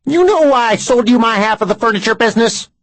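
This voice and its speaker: A man doing a shrill, sarcastic councilman. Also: expressive, fast, no echo. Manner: shrill, mocking. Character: sarcastic, hot-tempered small councilman.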